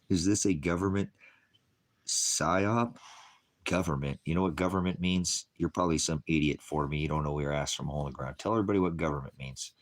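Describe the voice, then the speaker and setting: A man preaching in a combative online sermon, answering comments with mockery, profanity and frequent chuckles. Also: low-pitched. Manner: chuckles often between remarks.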